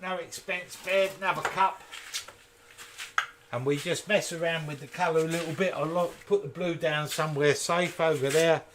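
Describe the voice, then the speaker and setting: A man's voice: on the high side, steady tone, moderate pace, noisy background. A man hosting a casual live woodturning demonstration from his home workshop, chatting and making jokey asides to viewers. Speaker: woodturner and channel host.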